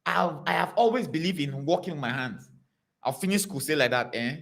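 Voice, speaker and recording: A man preaching to a congregation, telling stories in an animated, repetitive way. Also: on the high side, a little fast, gravelly. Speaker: pastor.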